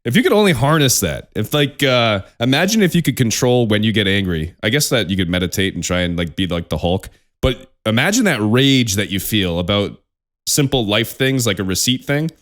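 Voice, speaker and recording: A young man co-hosting a podcast in casual chat, animated and profane, laughing often. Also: on the low side, a little fast. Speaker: podcast co-host.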